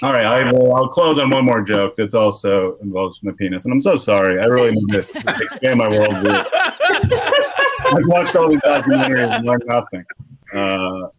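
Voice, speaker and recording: A man's voice: on the low side, normal speed, a crowd in the background, poor audio. A young adult man doing a rambling, self-deprecating stand-up set, telling awkward personal stories. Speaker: stand-up comedian.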